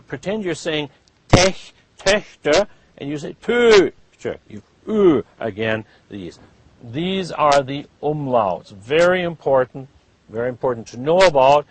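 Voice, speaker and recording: A man's voice: mid-range voice, fairly bright tone. A man teaching a German class, drawing out vowels to demonstrate them and checking in with "huh?" after each point. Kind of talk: classroom lecture.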